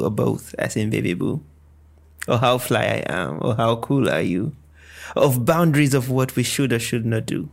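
A man's voice: medium pitch, vocal fry. A man, a podcast guest, performing spoken-word poetry with a rhythmic, playful delivery full of wordplay.

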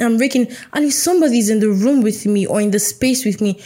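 A woman's voice: a little high, quick pace, few pauses, darkish tone. A young woman hosting a podcast, talking in a chatty, playful way and acting out little conversations. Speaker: podcast host. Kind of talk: casual solo podcast chat.

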